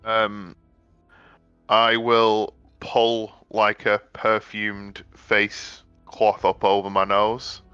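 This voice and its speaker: A man playing a tabletop game who describes his character's actions in a measured way. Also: lowish voice, monotone, bright, forceful tone, clean tone, no room sound, lo-fi sound, faint music behind. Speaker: player.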